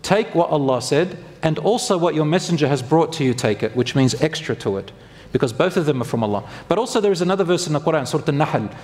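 A man's voice: fairly high pitch, lively intonation, fast talker, darkish tone, long reverb tail. A man preaching a sermon who keeps asking his listeners questions and joking with them. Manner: asks the audience questions, jokes with them.

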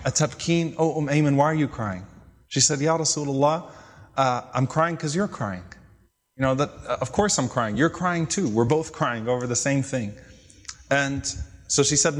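A man delivers a storytelling sermon, retelling old narrations. He quotes Arabic lines and then translates and explains them. His mid-range voice rings out with a long reverb, as if he is speaking in a large hall. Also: mid-range voice. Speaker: Islamic lecturer.

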